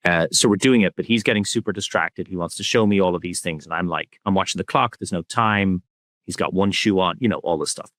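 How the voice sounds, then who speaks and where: Soft-spoken, very deep-voiced man. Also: brisk, dry recording. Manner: soft-spoken, reflective, candid. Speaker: podcast guest, father. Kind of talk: reflective conversational interview.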